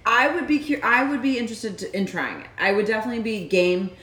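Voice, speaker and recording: A woman in her thirties talks frankly in a relaxed chat with a friend, her pitch moving around a lot. The recording picks up a roomy echo around her. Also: fast talker. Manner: blunt, frank, swears casually. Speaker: podcast co-host. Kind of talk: casual chat.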